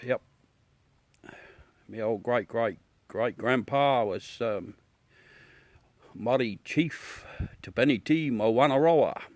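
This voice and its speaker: Australian man, casual rambling livestream chat, dry close sound, mid-pitched voice, phone mic, outdoors at night. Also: slow, long pauses, dry recording. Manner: rambling and chatty, talks to viewers. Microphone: smartphone.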